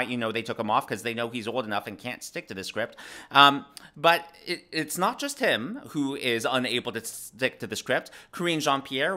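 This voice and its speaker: Young guy ranting about politics, bright lively voice, lots of um and uh. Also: mid-range voice. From American South. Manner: animated, frequent fillers and restarts. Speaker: political commentary host. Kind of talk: casual political commentary.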